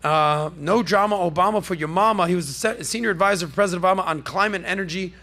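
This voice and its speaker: A man hosts a casual podcast in a brash, jokey, salesman-like way. His voice sits high and has a gravelly rasp with a bright, forceful edge. He speaks from a podcast studio. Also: fast talker. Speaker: podcast host. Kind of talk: casual pop-culture podcast commentary.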